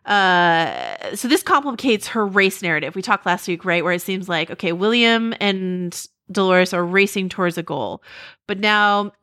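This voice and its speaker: A woman co-host talks her way through a TV episode in easy, rambling chat, with a string of "like"s and "um"s. Her voice sits at an ordinary middle pitch. The recording is dry and close, with no room around her. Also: normal speed, dry recording. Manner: rambling, animated, full of "like" and "um"; laughs often, acts out characters' lines in quotes. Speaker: podcast co-host. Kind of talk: casual chat recapping a TV episode.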